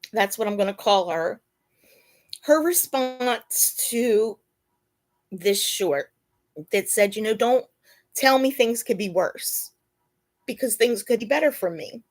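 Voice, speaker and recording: A woman hosting a casual live chat from her bed at home, emotional and close to tears. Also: on the high side. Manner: talks to her pets mid-stream. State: dry mouth. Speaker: channel host.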